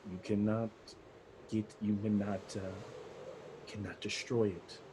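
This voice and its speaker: A man voicing a menacing aristocratic male vampire lord, speaking slowly, low and hushed in a tabletop game. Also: flat delivery, noisy background, close to an everyday voice. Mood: taunting. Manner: slow, low, hushed and taunting.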